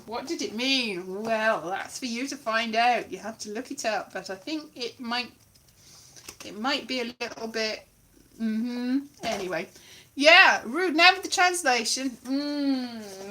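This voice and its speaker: A woman with a high, bright voice talks unhurriedly through a casual comedy set from home. She rambles and mocks herself as she leafs through books and reads from them. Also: slight background noise. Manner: rambling and self-mocking, reading aloud from books. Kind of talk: casual improvised chat. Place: home, virtual show.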